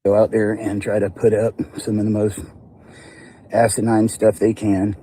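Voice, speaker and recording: Male commentator from a played clip, low and very dark voice, blunt and critical, faint background hiss. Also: completely flat delivery, moderate pace.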